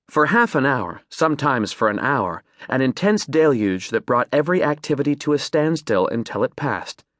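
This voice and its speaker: A male audiobook narrator reads with vivid, expressive storytelling, his pitch rising and falling in a lively way. He sits at a studio mic, and the sound is close and dry with no room echo. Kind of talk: scripted narration. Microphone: studio microphone.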